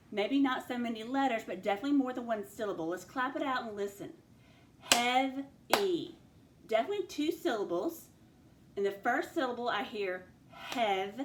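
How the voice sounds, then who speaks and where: A woman leads a spelling dictation lesson, sounding out every letter and syllable with slow, patient care. Her voice carries a noticeable room echo, with a faint hum of background noise behind it. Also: a little high. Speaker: teacher.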